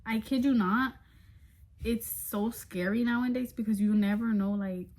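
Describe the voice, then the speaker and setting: A woman's voice: a little high, normal speed, darkish tone, a little hiss or hum. A young adult woman telling a story in a casual vlog, chatty and frank, swearing freely, laughing between lines and talking straight to her viewers. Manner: addresses viewers directly as y'all. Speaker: vlogger.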